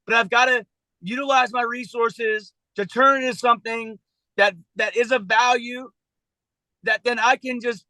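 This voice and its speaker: A man on a video call, speaking earnestly and haltingly about his struggles, emotional and close to tears. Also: very high-pitched, steady tone, pushed and bright, no echo, poor audio. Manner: earnest, halting, many restarts. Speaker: citizen journalist being coached. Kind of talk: emotional personal talk on a coaching call.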